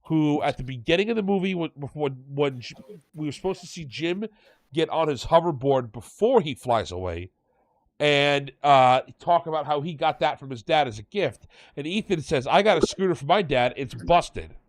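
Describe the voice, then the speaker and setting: A man's voice: fairly high pitch, animated, moderate pace, no room sound. Rambling male podcast host, dry sound. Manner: rambling, self-correcting storyteller. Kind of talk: casual podcast chat.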